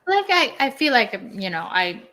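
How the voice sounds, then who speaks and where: A woman's voice: on the high side, big pitch swings, moderate pace, bright, forceful tone. A chatty actress with a Filipino accent talks casually as an interview guest. She fills her sentences with "like" and slips into Tagalog words now and then. She sounds like a young adult woman. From Philippines.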